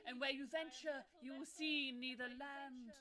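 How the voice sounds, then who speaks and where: A woman's voice: sits high, fairly even intonation, a little slow, a crowd in the background. A woman playing a fake psychic who speaks in a portentous, mystical prophesying manner. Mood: ominous. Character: eerie female fake psychic seeing futures. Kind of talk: comedy audio drama acting.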